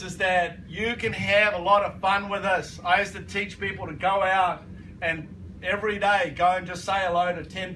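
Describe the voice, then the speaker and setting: Recorded from a distance in a noisy room, a man delivers a motivational business training to a live crowd in a high, bright, forceful voice. He hammers his points with emphasis and repetition, repeatedly asking the audience to agree.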